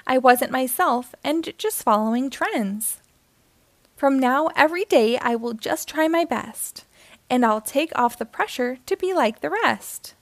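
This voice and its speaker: A woman voicing an eager, earnest young girl seahorse with a unicorn horn in a rhyming storybook read-aloud, in a gently expressive sing-song manner. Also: high voice, a little slow, creaky, dry recording, full character voice. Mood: cheerful.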